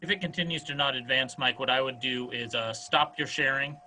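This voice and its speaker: A man moderating a video call, calmly giving technical instructions. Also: medium pitch, fairly quick, a little hiss or hum, poor audio.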